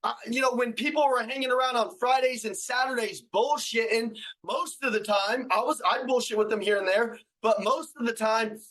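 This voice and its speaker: A man with a fairly high voice delivers a motivational talk to salespeople. He hammers his points with repetition, slang and casual swearing, often climbing into loud, driving shouts. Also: moderate pace, hardly any pauses, rough recording. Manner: emphatic, repetitive, slangy and profane. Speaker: sales trainer and motivational speaker. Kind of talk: motivational speech.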